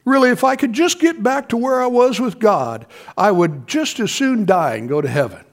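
A preacher putting on a distressed middle-aged woman, earnest and pleading, in a raised, high voice. She asks for help in a soft, anxious tone. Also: very animated, moderate pace.

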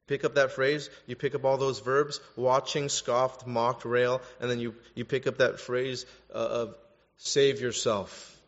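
A man preaching a sermon as a pastor, growing animated and louder to stress his points. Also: a little slow, hardly any pauses. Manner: animated, rises in pitch and volume for emphasis. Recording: dull lo-fi sound with long hall reverb.

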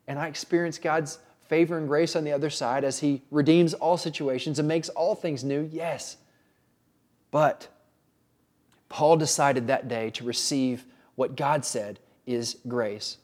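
A man preaching a sermon in an earnest way, often pausing and restarting. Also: fairly high pitch, darkish tone. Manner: earnest, with frequent pauses and restarts. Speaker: pastor.

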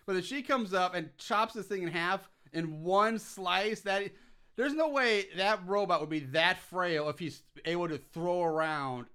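Podcast dude talking movies, smooth high voice, bright, lively, laughs a lot. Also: male voice, a little slow. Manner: chatty, laughing, swears freely, breaks into mock accents. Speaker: podcast co-host. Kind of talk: casual movie review chat.

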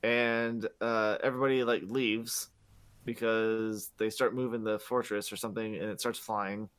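A man's voice: fairly low pitch, level tone, moderate pace, a bit bright, clean tone. A man co-hosting a podcast, casually retelling a game's plot with lots of fillers and swearing. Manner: rambling, profane, many fillers. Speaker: podcast co-host. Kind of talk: casual game recap.

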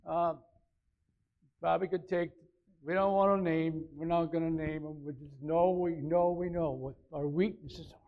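Man, high voice, sermon, conversational, repeats phrases, builds to emphatic peaks. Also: lo-fi sound. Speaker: pastor.

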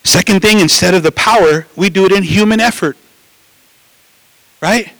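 A man preaching a sermon in an animated way, with frequent restarts and asides to the listeners. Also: high voice, normal speed, gravelly, dry recording, low-quality recording. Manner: animated preaching, acts out voices, many restarts and "right?".

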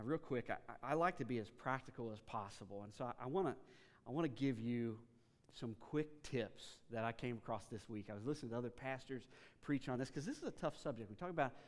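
A man preaching a sermon as a pastor, telling the story in a casual, animated way with frequent restarts. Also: mid-range voice, big-room sound.

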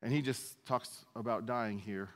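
A man's voice: on the low side, a little slow, fairly bright tone. Conversational male pastor in a reverberant hall. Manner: conversational, self-deprecating asides. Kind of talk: sermon, verse-by-verse teaching.

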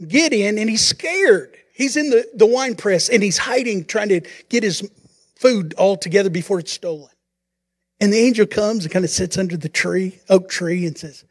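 High-voiced preaching man. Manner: animated storytelling, acts out quotes with voices. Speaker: pastor. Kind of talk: sermon.

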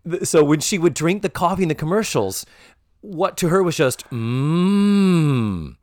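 A man hosting a comedy podcast, chatting casually and camply, dropping into quick character voices as he retells scenes. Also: on the high side, no room sound. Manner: animated, camp, does quick voices of characters. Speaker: podcast host.

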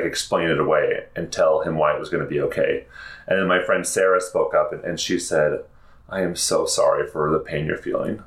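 Reflective male interview guest, very low voice, roomy echoey sound. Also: fairly bright tone. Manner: earnest and reflective, with frequent "like" and restarts. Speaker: podcast guest, therapist. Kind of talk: candid interview conversation.

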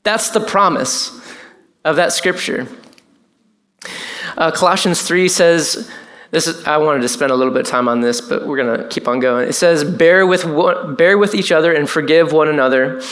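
Man, pastor, conversational sermon, animated asides. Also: fairly high pitch, moderate pace.

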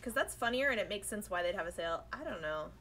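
A woman co-hosting a podcast, chatting casually and animatedly as she recaps an episode, slipping into quick voices for the characters. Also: medium pitch, lively intonation, fairly bright tone, slight background noise, low-quality recording. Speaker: podcast co-host.

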